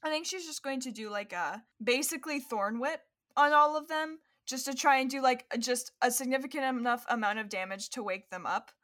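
A woman narrating a tabletop game as game master, chatty with quick restarts. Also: high-pitched, fairly bright tone. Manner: chatty, fast, with restarts and laughs.

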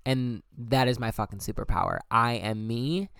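A young man speaking in a smooth, clean voice, telling his own story in a candid, emphatic monologue. He swears freely, and the sound is dry and close. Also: medium pitch, moderate pace, fairly bright tone, no room sound. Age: young adult. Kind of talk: personal monologue.

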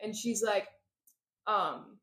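A woman's voice: mid-range voice, takes it slowly, a bit bright. A woman co-hosting a book podcast, recapping the plot in a chatty, joking way. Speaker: podcast co-host. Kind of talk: casual book-club chat.

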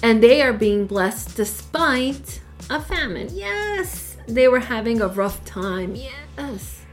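A woman's voice: on the high side, sing-song, slow, soft background music. A woman from El Paso, Texas, teaching a Torah portion in an emphatic, preachy way, often asking rhetorical questions. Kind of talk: emphatic religious lesson.

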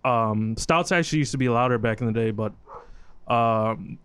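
A man's voice: medium pitch, normal speed, a bit bright, clear, resonant tone, dry recording. A man co-hosting a casual podcast chat, explaining at length with rambling detours. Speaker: podcast co-host.

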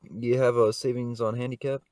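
A man's voice: medium pitch, little pitch movement, normal speed, darkish tone, dry recording. A man co-hosting a podcast in improvised comedy role-play, casual and coaxing, on a close dry mic. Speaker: podcast co-host.

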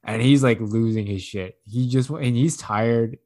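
A man chatting casually on a podcast, telling a long, rambling, profane story, laughing often and acting out quotes in a higher voice. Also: a little slow, a little mellow.

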